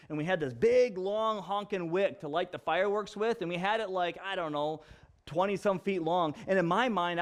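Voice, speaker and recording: High-voiced man preaching a sermon. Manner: teaching, explains word meanings, laughs and teases the audience. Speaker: pastor.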